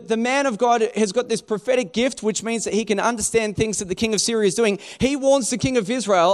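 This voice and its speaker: A man delivers a sermon in a strikingly high voice for a man. He talks to the congregation conversationally, posing rhetorical questions and often restarting his sentences. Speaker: pastor.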